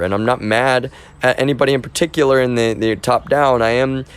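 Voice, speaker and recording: A man's voice: mid-range voice, quick pace, clean tone. A man livestreaming a casual, unscripted monologue, rambling with many restarts and repeated phrases and insisting on his point again and again.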